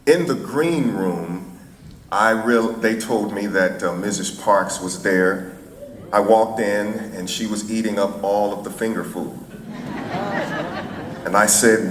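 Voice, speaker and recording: A man's voice: on the low side, takes it slowly, noisy background. A middle-aged man from St. Louis, a chaplain, telling a folksy story to an audience. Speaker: chaplain and speaker. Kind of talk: storytelling before a speech. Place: event hall. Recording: echoey hall, faint ambience.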